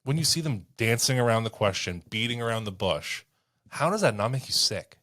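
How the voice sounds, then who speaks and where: A man's voice: mid-range voice, expressive, a little fast, bright, forceful tone. A Canadian man co-hosting a podcast, talking politics earnestly and sometimes stumbling over his words. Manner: earnest, hesitant, searches for words. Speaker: podcast co-host. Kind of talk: casual political chat.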